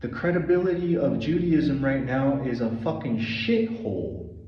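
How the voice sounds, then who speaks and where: A man's voice: medium pitch, lively intonation, normal speed. A man ranting heatedly in a solo vlog, swearing often and stumbling over repeated restarts. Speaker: vlogger. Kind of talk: solo opinion rant to camera. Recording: echoey room, far from mic, dull lo-fi.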